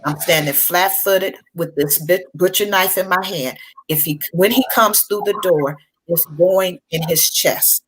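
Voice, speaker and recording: Low-pitched middle-aged woman telling her story. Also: measured pace, slightly rough, low-quality recording. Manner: earnest, conversational, with restarts and colloquial speech. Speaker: panel guest sharing her story. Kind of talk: personal storytelling on a panel discussion.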